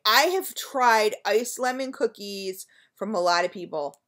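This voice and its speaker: A wax melt reviewer chats through a casual product review vlog at an easy, middling pitch with a bit of brightness. Gushing and effusive, she addresses her viewers as "you guys" and fills pauses with frequent ums while sniffing and judging each scent.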